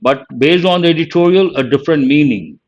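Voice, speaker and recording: A man's voice: fairly high pitch, animated, brisk, lo-fi sound. A man teaching a live online vocabulary lesson, reading out words one at a time and praising students by name.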